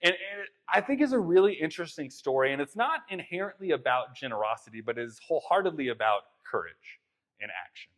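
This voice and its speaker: A young man preaching a conversational sermon, retelling a story in a casual, animated way with many fillers. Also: a little high, fast talker. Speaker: pastor.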